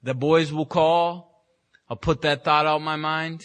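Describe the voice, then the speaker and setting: A man's voice: on the high side, fairly even intonation, slow pace, a bit bright, clear, resonant tone. A man giving a candid, self-mocking personal recovery talk at a meeting, telling his story with many restarts. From San Francisco, California. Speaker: AA meeting speaker. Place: meeting room.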